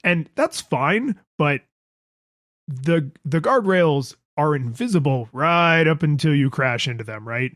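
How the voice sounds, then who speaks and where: A man's voice: a little high, a little slow, no room sound, studio quality. A man co-hosting a podcast, telling stories in a casual chat and acting out voices when he quotes. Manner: animated storytelling, acts out voices in quotes. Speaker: podcast co-host.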